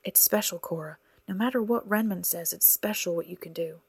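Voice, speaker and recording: A woman's voice: fairly low pitch, a little fast, creaky, a little mellow, breathy edge, dry recording. A woman voicing a weary wounded young man. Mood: pleading. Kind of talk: audiobook character reading.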